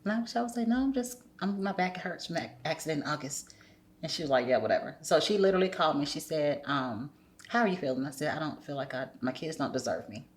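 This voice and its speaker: A woman's voice: sits low, fast talker. A woman guest on a podcast, candidly telling a personal story in casual conversation and acting out the voices of people she quotes. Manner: candid, acts out quoted voices with lively shifts.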